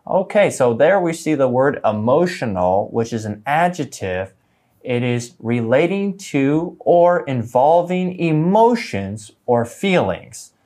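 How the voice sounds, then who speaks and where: A man co-hosting an English lesson, reading example sentences slowly and clearly, then chatting casually. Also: mid-range voice, very animated, a little mellow. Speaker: English teacher co-host.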